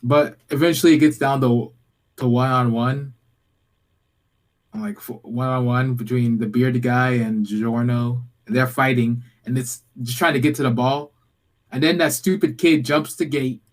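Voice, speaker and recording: A man's voice: medium pitch, fairly even intonation, moderate pace. Guy on a movie podcast, rambling and swearing, mid voice, acts out the scenes. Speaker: podcast co-host. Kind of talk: casual movie review chat.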